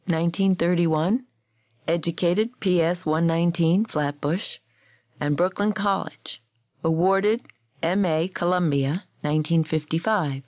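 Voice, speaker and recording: A woman's voice: fairly low pitch, dry recording. Dry-voiced woman narrating a story. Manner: measured, clear storytelling. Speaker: audiobook narrator. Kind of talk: scripted narration.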